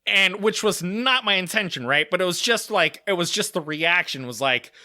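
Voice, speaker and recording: A man co-hosting a podcast, telling a casual story in an animated way and acting out other people's lines. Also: high voice, normal speed, dry recording, studio quality. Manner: animated storyteller, acts out shouted quotes. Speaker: podcast co-host.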